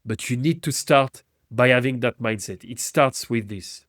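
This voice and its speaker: Male podcast host musing on service mindset, middle pitch, dead dry sound. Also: unhurried, fairly bright tone, no room sound. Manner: reflective, asks thoughtful questions. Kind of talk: interview podcast.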